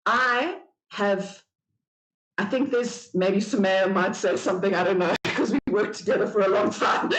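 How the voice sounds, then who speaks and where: A woman guest tells a personal story in a candid, self-deprecating way. Her pitch sits in a mid range for a woman. She talks in quick anecdotal bursts. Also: echoey room, rough recording. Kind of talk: conversational storytelling.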